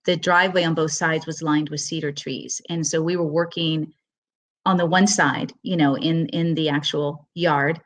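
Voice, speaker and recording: In a webinar, a middle-aged woman who teaches horsemanship tells a personal story with earnest emotion, halting and restarting along the way. Her voice sits low and keeps a steady tone.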